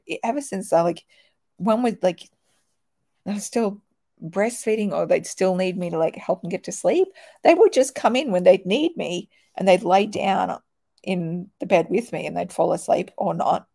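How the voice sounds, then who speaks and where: With a gravelly, warm, lowish voice, this woman in her forties keeps things animated at a moderate pace. She's a host answering viewer questions in a casual chat, laughing a lot and letting the occasional swear word slip.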